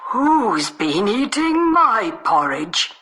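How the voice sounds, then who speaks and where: A man voicing a fussy mother bear in a storybook reading, with high, drawn-out exclaiming. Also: sing-song, sharp tone, heavily acted. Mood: puzzled.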